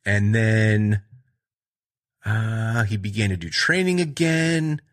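A man's voice: on the low side, slow. A man retelling film scenes in a casual, rambling way, acting out the lines as he goes. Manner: rambling, animated retelling with acted-out quotes. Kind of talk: casual movie chat.

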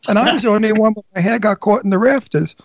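A man's voice: high voice, fast, highs cut off. A man co-hosting a radio show, talking in a flamboyant, bawdy, giggly way on a studio mic. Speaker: radio co-host. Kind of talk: casual radio chat.

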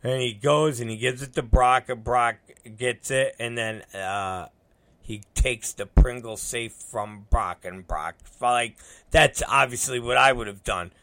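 A middle-aged man with a bright, forceful, medium-pitched voice speaks a little slowly in a dry recording. His casual story wanders, peppered with swearing and performed dialogue.

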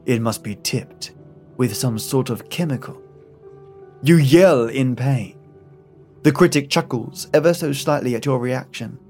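A man narrating a scripted horror story in the second person, in a measured storytelling manner. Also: medium pitch, darkish tone.

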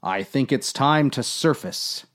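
Casting: a man as a ponderous old-school captain, slow and swooping. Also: mid-range voice, animated, a bit bright. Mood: solemn. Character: solemn middle-aged male submarine captain.

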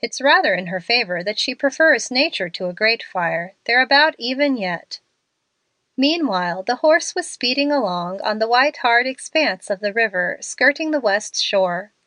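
A woman's voice: normal speed, dry recording. A woman narrating a storybook, lifting her voice for the young women's lines. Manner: expressive, lifts pitch for the young women's lines. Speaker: audiobook narrator.

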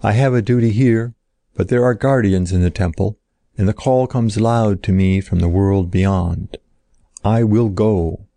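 A man voicing a compassionate woman who leads a sacred temple, speaking in solemn, measured commands. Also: on the low side, gravelly, dark tone, dry recording. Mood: resolute.

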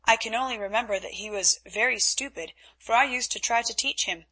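A woman's voice: fairly high pitch, brisk, pushed and bright, slightly rough, full character voice, low-quality recording. A woman voicing a vain young nobleman who talks in a pompous, languid way. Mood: wry.

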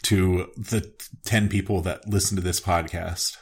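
A man's voice: low-pitched, steady tone, unhurried, husky. A man in his thirties co-hosting a podcast in casual chat, with a dry, self-deprecating manner. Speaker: podcast co-host.

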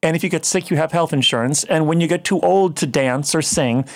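An older man in casual interview chat, animated, telling stories and mimicking other people in quick asides. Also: fairly high pitch. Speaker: guest, singer and plant grower.

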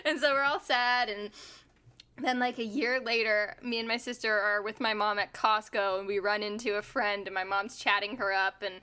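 A woman's voice: medium pitch, steady tone, moderate pace, sharp tone, clean tone. A young woman on a podcast, telling a story in a chatty way, full of "like" and the odd swear word. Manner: chatty, lots of "like" fillers, swearing. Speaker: podcast co-host. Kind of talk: casual chat, storytelling.

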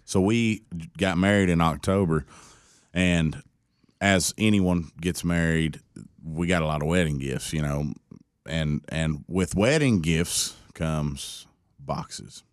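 A young man tells a story in a relaxed interview, slipping into the voices of others and laughing along. His voice sits very low. The sound is close and dry. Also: slow, smooth, dry recording. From Tennessee. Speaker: country singer guest.

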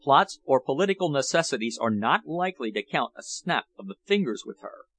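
A man's voice: a little high, very animated, brisk, fairly bright tone. A man reading the part of a grave English nobleman who speaks formally and grimly. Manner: formal, grim.

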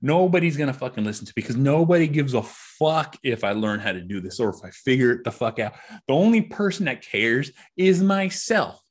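Husky middle-aged man, profane frustrated rant. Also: mid-range voice, sing-song, fairly quick. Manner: frustrated, profane, repetitive ranting. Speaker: podcast host. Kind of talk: solo podcast rant.

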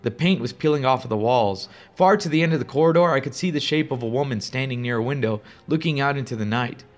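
A man narrating a first-person horror story in a steady, grave, suspenseful way. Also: mid-range voice, fast.

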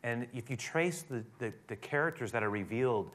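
A man preaching a sermon, retelling a story in a conversational way that swells into emphatic high points. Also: lively intonation, fairly quick, fairly bright tone. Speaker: pastor.

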